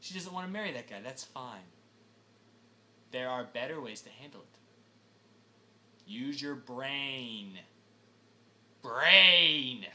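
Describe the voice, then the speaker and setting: Animated, exasperated young man ranting. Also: mid-range voice, a little slow, long pauses, a little hiss or hum. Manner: exasperated, animated, breaks into shouts. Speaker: movie reviewer. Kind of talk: ranting film review.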